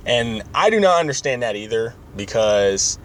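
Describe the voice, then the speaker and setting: A man's voice: medium pitch, very animated, normal speed, fairly bright tone. A man hosting a podcast in casual chat, rambling and opinionated with many fillers. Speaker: podcast host.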